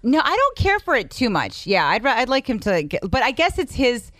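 A woman's voice: on the high side, huge pitch swings, fairly quick, a bit bright, dry recording. A woman comedian chatting casually as a podcast guest, telling playful, self-deprecating, rambling stories.

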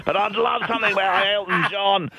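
A squeaky camp gossip reporter. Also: male voice, steady tone, fairly quick, crowd noise. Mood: gushing. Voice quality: high squeaky gravelly voice, gushing. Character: flamboyant camp male Hollywood gossip reporter. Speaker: comedy gossip segment. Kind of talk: comedic radio character bit.

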